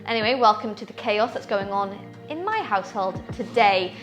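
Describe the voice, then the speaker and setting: A woman's voice: medium pitch, animated, moderate pace, a bit bright, faint music behind. A young woman guiding a yoga class, soothing and affectionate with her listeners. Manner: soothing, affectionate, calls viewers "my loves". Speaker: yoga instructor.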